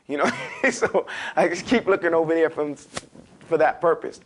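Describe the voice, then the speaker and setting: Lively New York man teaching a class. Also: fairly high pitch, moderate pace, a little hiss or hum. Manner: lively, animated, pushes students to repeat. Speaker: Arabic teacher. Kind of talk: classroom lecture.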